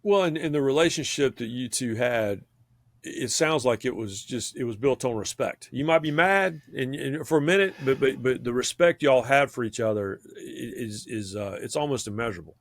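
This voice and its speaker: Man, podcast host, mid-pitched, halting questions, dry close sound. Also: lively intonation, no room sound. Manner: halting, repeats words when forming questions. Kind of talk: interview conversation.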